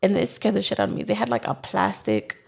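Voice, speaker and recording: A woman's voice: mid-range voice, quick pace, gravelly. A young adult woman on a podcast, telling a personal story in casual chat and acting out what people said. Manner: animated, acts out what she and others said. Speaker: podcast co-host.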